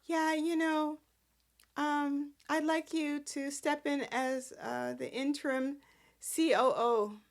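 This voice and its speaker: A woman's voice: high voice, fairly even intonation, takes it slowly, voice pushed up. A woman voicing a businesswoman who hesitantly offers a man an interim executive post. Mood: offhand.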